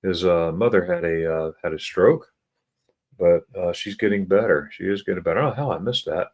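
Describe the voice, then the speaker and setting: A middle-aged man hosting a casual livestream, reading chat comments aloud in a halting way, often repeating words and chuckling. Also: sits low. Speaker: livestream host.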